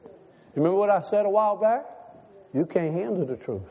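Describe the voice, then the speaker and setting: A man with a high voice preaches in a relaxed, folksy manner, peppering his sermon with rhetorical questions. His words ring out with the long reverb of a large church hall. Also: fairly quick, phone-quality sound, a little hiss or hum. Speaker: pastor.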